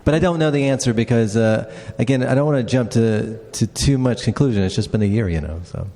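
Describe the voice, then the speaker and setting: A man's voice: medium pitch, a little fast, dark tone. A man who created a treasure hunt, answering audience questions with a hesitant, repeating manner and some laughter. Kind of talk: live Q&A answers. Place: large convention hall. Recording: echoey convention hall reverb.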